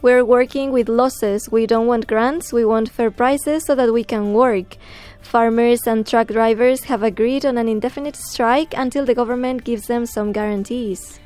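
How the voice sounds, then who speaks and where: A woman presenter reading scripted news in a measured, even newsreader delivery. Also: fairly high pitch, faint music behind.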